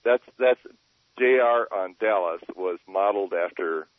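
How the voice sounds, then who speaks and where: A man's voice: sits low, measured pace, no echo. An older man calling into a radio show, chatty and jumping between topics, laughing often. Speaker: caller. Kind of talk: call-in phone conversation. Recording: tinny phone line over radio.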